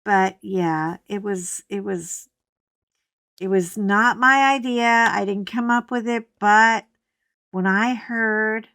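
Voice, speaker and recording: A middle-aged woman chatting casually to her viewers while crafting at home, telling a story with animated bursts and laughter. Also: mid-range voice, no echo, clean studio sound. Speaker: vlogger.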